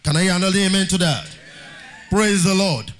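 A man's voice: sits high, a little fast, fairly bright tone. A man preaching a sermon as pastor, reading scripture aloud in a sing-song cadence and calling on the congregation for amens.

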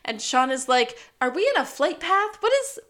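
A woman with a bright, slightly high voice co-hosts a laid-back TV recap podcast. She retells each scene and jumps into the characters' lines with quick, animated bursts. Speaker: podcast co-host. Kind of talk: casual recap chat.

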